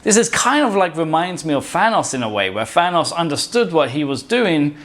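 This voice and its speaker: A man's voice: on the high side, big pitch swings, normal speed, fairly bright tone. A man giving casual, opinionated film commentary as a video essay host, rambling and often restarting words mid-sentence. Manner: opinionated and emphatic.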